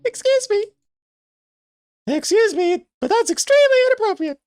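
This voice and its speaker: A man doing a shrill, squeaky prim lady. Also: expressive, moderate pace, a little mellow. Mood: indignant. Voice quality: squeaky falsetto. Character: shrill prim young woman, easily offended.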